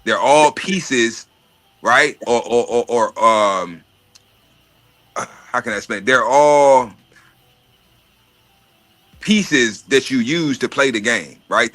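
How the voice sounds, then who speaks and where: Unhurried and medium-pitched, his voice pushed and bright, the podcast host chats casually about estates and money. He keeps it profane and streetwise, repeating words as he searches for them.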